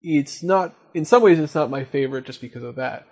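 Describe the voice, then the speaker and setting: A man's voice: on the high side, brisk, a little mellow, breathy edge. A man hosting a casual podcast discussion, leading the talk and putting questions to his co-hosts. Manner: leads the talk, asks the others questions. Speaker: podcast host.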